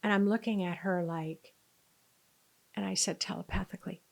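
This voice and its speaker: A woman who works as a healer tells a personal story in an animated storytelling voice. She speaks at a middle pitch and acts out the quoted lines. Now and then she drops into a near whisper. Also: moderate pace, creaky. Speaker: spiritual healer and former nurse. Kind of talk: storytelling to camera.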